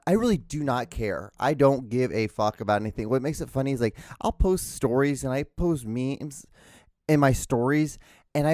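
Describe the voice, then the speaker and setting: A man rants casually into a podcast mic at home, stammering and restarting as he goes. His talk is loose and profane, delivered at a middling pitch. The sound is dry and close, with no room echo. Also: a little mellow. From outside the United States. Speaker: podcast host. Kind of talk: casual solo podcast rant. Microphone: podcast microphone.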